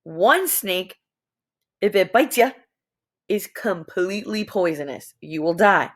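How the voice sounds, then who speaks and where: A young adult woman teaching a lesson to young students, playful and animated, stretching words out. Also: mid-range voice, slow pace.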